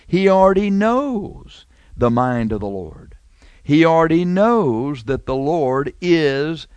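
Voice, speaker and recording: A man's voice: mid-range voice, no echo. A man preaching a sermon in a conversational way, asking rhetorical questions and making wry asides.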